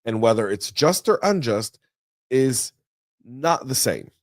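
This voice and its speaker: A man's voice: mid-range voice, takes it slowly, no room sound, studio quality. Chatty man hosting a news podcast. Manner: chatty, energetic, folksy asides. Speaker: podcast host. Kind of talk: casual news commentary. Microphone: studio mic.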